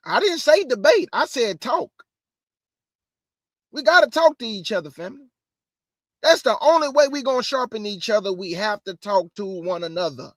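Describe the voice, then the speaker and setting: Here a man preaches to viewers online as a Bible teacher, rapid and emphatic yet conversational, restating his points over and over. He sounds very animated, high-pitched for a man and a bit bright, with a dry close-mic recording and no room sound.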